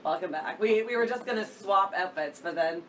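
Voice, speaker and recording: A woman's voice: lowish voice, moderate pace, distant mic. A chatty woman co-hosts a casual podcast, laughing easily and trailing off mid-thought. Her voice sits a little away from the mic, with a faint hiss in the background. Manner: giggly, chatty, trails off in restarts. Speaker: podcast co-host. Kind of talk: casual chat.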